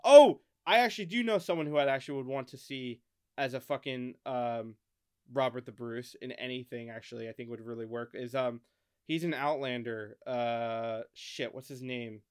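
An American man co-hosting a podcast in casual chat, rambling, thinking out loud and swearing often. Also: medium pitch, normal speed, smooth. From United States. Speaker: podcast co-host.

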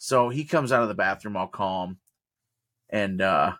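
A man's voice: sits low, unhurried, dry recording. A man telling a work story in casual podcast chat, swearing freely and acting out what people said. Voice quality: profane, animated storyteller who acts out quotes. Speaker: podcast co-host; work crew boss.

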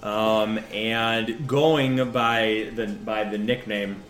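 Man game master narrating, animated, rambling, bright voice, roomy sound, faint music. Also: fairly low pitch, drawn-out words. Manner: animated, rambling, with frequent laughs and restarts.

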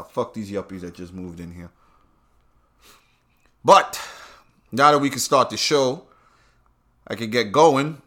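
A man's voice: on the low side, a bit bright. A man from Brooklyn with a New York accent, talking bluntly and swearing freely as he hosts his own podcast monologue. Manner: profane, blunt storytelling. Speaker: podcast host. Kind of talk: casual monologue.

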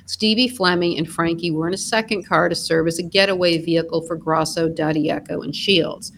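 A woman's voice: lowish voice, fairly even intonation, fairly quick, creaky, a bit bright, slight background noise, rough recording. Dry, wry woman narrating true crime. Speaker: podcast co-host.

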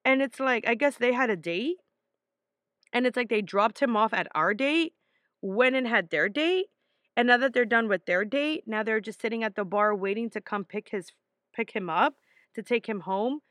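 A young woman telling a personal story in a casual, animated way, emphatic and full of swearing. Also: on the high side, moderate pace, no room sound, studio quality.

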